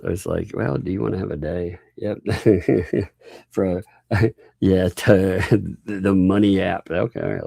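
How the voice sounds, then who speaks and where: Very deep, gravelly, husky-voiced man. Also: dark tone, no room sound. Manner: playful, joking, laughs often; talking to his young daughter. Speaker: livestream host. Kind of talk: casual livestream chat.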